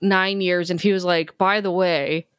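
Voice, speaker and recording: A woman's voice: lowish voice, fairly even intonation, unhurried, clear, resonant tone, dry recording, clean studio sound. A woman co-hosting a podcast in casual chat, blunt and jokey, swearing and acting out reactions. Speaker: podcast co-host.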